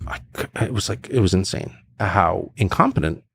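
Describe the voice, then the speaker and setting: A man's voice: low voice, normal speed, gravelly, slightly rough, no room sound. A man in his fifties, a guest telling stories in a conversational interview and acting out quotes. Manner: animated storyteller who acts out quotes.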